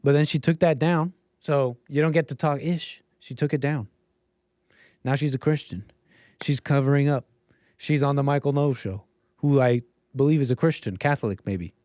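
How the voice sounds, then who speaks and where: A man's voice: mid-range voice, moderate pace, a little mellow, no room sound, clean studio sound. A man hosting a livestream show, talking in a casual, rambling monologue with many restarts and mocking put-on quotes.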